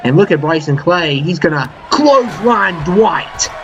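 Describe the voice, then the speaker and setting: A man doing casual, excitable play-by-play commentary over a wrestling video game, full of fillers and "uh-oh" exclamations. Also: on the high side, measured pace. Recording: dull lo-fi mic with game crowd and noise behind. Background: video game arena crowd noise.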